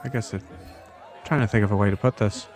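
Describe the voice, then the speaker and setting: Man voicing tall elf woman, lanky, halting, hesitant, tabletop game, faint music behind. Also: lowish voice, darkish tone, a faint crowd, close to an everyday voice.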